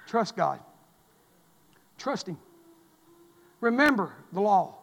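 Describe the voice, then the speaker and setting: High-voiced preacher in a hall. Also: male voice, sing-song, slow pace, creaky. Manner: impassioned, swings from loud preaching to hushed pleading. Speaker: pastor. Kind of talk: sermon. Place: church sanctuary.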